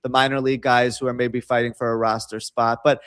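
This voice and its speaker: A man's voice: mid-range voice, little pitch movement, brisk, fairly bright tone, clear, resonant tone, no echo. Man, Brooklyn accent, co-host, opinionated, long confident explanations, dry close recording. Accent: New York, Brooklyn. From North Brooklyn, New York City. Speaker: co-host and producer. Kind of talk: casual political talk show.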